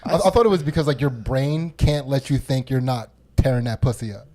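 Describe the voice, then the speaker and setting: A man's voice: mid-range voice, lively intonation, a little fast, a little mellow. A man in casual podcast chat, joining crude banter with laughter.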